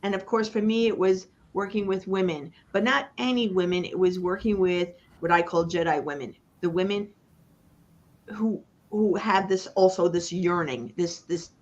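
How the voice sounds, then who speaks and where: A woman business coach speaking as a guest on a live online panel, giving a motivational talk with emphatic, chant-like repetition and dramatic pauses. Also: lowish voice, steady tone, highs cut off.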